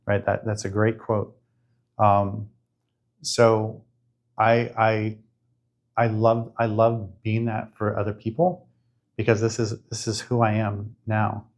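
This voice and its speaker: A man's voice: lowish voice, flat delivery, takes it slowly, long pauses. A middle-aged man frankly recounting his life in a conversation, reflective and swearing casually. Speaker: guest sharing his life story. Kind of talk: candid conversational storytelling.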